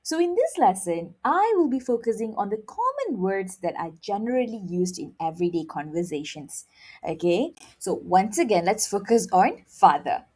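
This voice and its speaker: A woman's voice: mid-range voice, big pitch swings, moderate pace, darkish tone, slightly rough. A woman teaching a playful beginner Mandarin lesson and drilling words by repeating them. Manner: upbeat, drills words with rising repetition.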